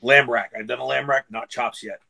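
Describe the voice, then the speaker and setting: A man's voice: mid-range voice, steady tone, brisk, creaky, bright, forceful tone. A middle-aged man, a barbecue guest, telling loose stories in a casual live chat, swearing and laughing as he goes.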